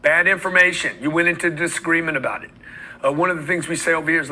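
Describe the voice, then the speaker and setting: A man's voice: fairly high pitch, fairly even intonation, fast, pushed and bright, a little hiss or hum, rough recording. A man giving a blunt, emphatic motivational talk on sales, acting out the voices of customers and salespeople as he goes. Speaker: sales trainer.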